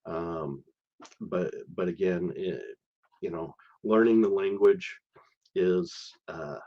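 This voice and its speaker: Halting low-voiced man on a live stream. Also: lo-fi sound. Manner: hesitant, many fillers and restarts. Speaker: live stream host sharing visa experience. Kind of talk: casual live stream talk.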